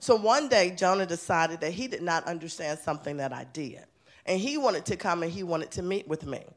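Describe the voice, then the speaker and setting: A woman's voice: lowish voice, lively intonation, a little fast. A woman school principal giving an enthusiastic, chatty award speech at a city council meeting. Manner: enthusiastic, chatty, laughing often.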